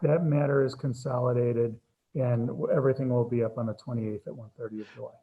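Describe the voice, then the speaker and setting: A man serving as judge, running a court hearing over a video call in an unhurried, procedural way. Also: mid-range voice, fairly even intonation, husky. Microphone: computer mic on a video call. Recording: dull lo-fi video call audio.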